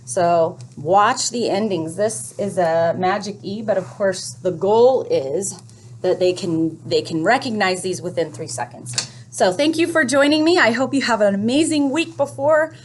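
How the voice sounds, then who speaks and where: A woman's voice: mid-range voice, a little slow, slight background noise. Patient woman teaching first grade. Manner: clear, patient, explains step by step. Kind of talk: recorded lesson for parents.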